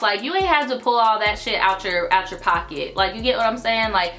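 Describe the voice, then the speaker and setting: A woman's voice: medium pitch, a little fast, fairly bright tone, soft background music. A young woman hosting a storytime channel, reading viewer stories aloud and cutting in with blunt, profane commentary. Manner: sassy, blunt, profane asides.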